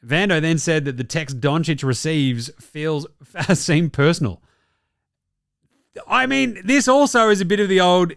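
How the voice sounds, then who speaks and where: A man's voice: a little high, expressive, measured pace, vocal fry, fairly bright tone, no echo, studio quality. A young Australian man hosting a basketball show, with brash, profane, jokey casual commentary.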